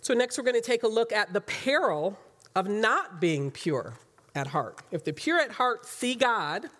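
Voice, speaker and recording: A woman's voice: medium pitch, animated, a little slow, fairly bright tone. A woman giving a sermon, teaching from the Bible in an earnest, emphatic way with fillers and light laughs.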